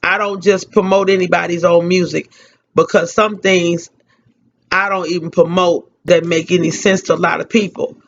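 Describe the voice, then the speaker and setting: A woman hosting a radio tribute, grieving and tearful, speaking haltingly and repeating her phrases. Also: on the low side, fairly even intonation, a little hiss or hum. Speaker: radio host giving a tribute. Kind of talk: emotional spoken tribute. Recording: dull lo-fi radio recording.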